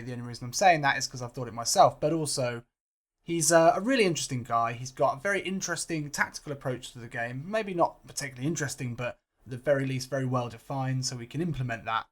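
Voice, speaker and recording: A man's voice: mid-range voice, lively intonation, fast. A man hosting a gaming channel, talking in casual, rambling, self-mocking commentary. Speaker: game channel host.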